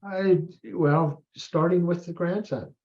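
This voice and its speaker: Slow, mellow-voiced older man reflecting. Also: high voice, muffled recording. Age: 70s. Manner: slow and thoughtful, halting with pauses and self-corrections. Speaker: guest, priest and retired army colonel. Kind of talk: reflective interview talk.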